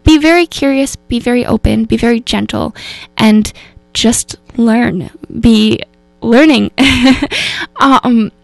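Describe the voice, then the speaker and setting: A woman radio host speaks in a loose, earnest, rambling way, often restarting her sentences. Her voice sits fairly high and has a gravelly edge. The studio sound is close and dry. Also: slow pace, no echo, faint music behind. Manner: rambling and earnest, many fillers and self-corrections. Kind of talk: casual spoken reflection on mental health. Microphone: radio studio microphone.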